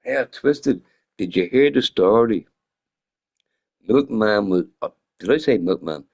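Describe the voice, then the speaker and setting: A man's voice: lowish voice, animated, slow pace, creaky, darkish tone, highs cut off. A man streaming a game while a little drunk, chatting casually in a rambling way, swearing a lot and laughing often. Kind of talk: casual live-stream chat.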